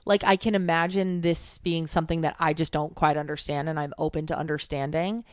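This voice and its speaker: A young woman with a notably low voice, co-hosting a casual podcast and carefully laying out her reasoning with hypothetical examples. The sound is close and dry, with no room echo. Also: steady tone. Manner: earnest, deliberate, explains by hypotheticals. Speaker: podcast co-host. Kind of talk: casual chat.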